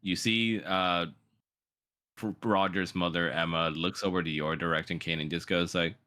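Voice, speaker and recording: A man narrating as game master in a tabletop game, relaxed, with filler words. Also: sits low, normal speed.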